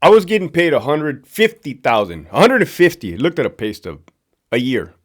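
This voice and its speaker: A man's voice: medium pitch, big pitch swings, moderate pace. A middle-aged man from Southern California, a former prison guard hosting his own show, ranting casually, profane and sarcastic and repeating himself for emphasis. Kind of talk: casual ranting monologue to camera.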